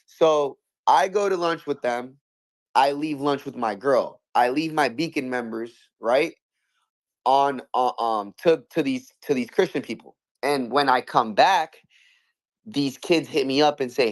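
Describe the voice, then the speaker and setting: A man's voice: medium pitch, normal speed. Profane storytelling man. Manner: animated, profane, many restarts, acts out quotes. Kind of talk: casual storytelling chat.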